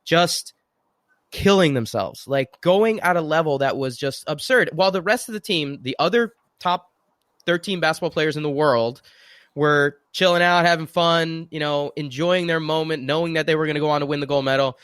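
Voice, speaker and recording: Man, podcast host, animated storytelling, smooth clear voice, dry close sound. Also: on the high side, moderate pace, no room sound. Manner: lively, animated storyteller who acts out quotes. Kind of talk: casual storytelling.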